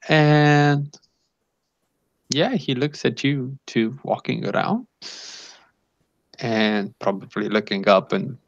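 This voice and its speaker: A man's voice: medium pitch, fairly even intonation, takes it slowly, long pauses, dry recording. A man narrating as game master of a tabletop role-playing game in a loose, casual way, on a dull lo-fi recording. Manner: loose, casual, rambling with fillers. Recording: dull lo-fi sound.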